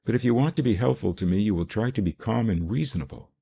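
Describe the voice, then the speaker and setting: A man reading an audiobook, voicing a composed gentlewoman who speaks gently and persuasively. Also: lowish voice, animated, fast talker, gravelly, husky, heavily acted. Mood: calm, persuasive. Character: composed gentlewoman, calm and firm.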